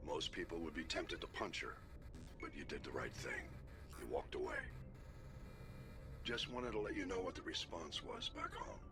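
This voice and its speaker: An actor playing a stern veteran male admiral giving a measured, gruff military briefing in a video game. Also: low voice, huge pitch swings, music in the background, heavily acted. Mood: approving. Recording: game audio with noisy background.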